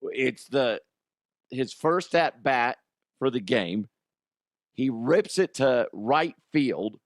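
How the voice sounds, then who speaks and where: Excitable man telling a story, dry mic. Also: medium pitch, takes it slowly, no echo. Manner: excitable, swings from loud shouts to quiet asides. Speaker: radio show host. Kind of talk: animated storytelling chat.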